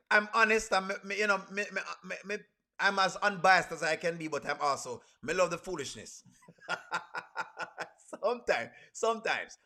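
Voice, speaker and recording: A man's voice: high voice, pushed and bright. A man hosting a reaction channel, talking in a playful, rambling, self-mocking way. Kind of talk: casual reaction commentary.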